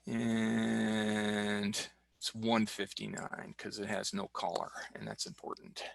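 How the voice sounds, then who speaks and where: In a dry recording, a man with a lowish, gravelly voice speaks slowly. He's the guest expert on a video call, walking through software on screen share in a chatty, joking way as he clicks along.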